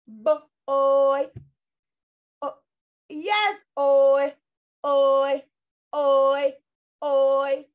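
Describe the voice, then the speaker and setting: A woman teaching a phonics lesson to young children, stretching out sounds in a sing-song, encouraging way. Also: high voice.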